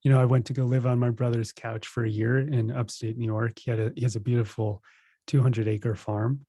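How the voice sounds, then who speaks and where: A man in his thirties, a guest on a podcast, telling stories in a relaxed, self-laughing way. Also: mid-range voice, a little fast, slightly rough, no room sound. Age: 30s. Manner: relaxed storytelling, laughs at himself. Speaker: podcast guest, meditation teacher. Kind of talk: casual interview chat.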